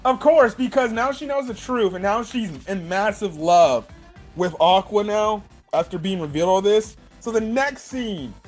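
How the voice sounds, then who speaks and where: A man giving a casual anime review, animated, emphatic, and profane. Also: sits high, normal speed, faint music behind.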